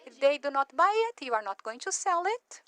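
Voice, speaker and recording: A woman's voice: high-pitched, expressive, fairly quick, a bit bright. A woman giving an interpreted lecture to an audience of professionals, talking in an emphatic, urging way and asking many rhetorical questions. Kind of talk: interpreted lecture on business marketing.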